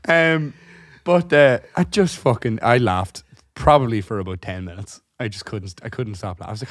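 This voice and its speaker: A man, co-hosting a podcast in casual chat. He tells stories in an animated way, swears freely and laughs through them. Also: medium pitch, moderate pace, no echo, clean studio sound. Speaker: podcast co-host.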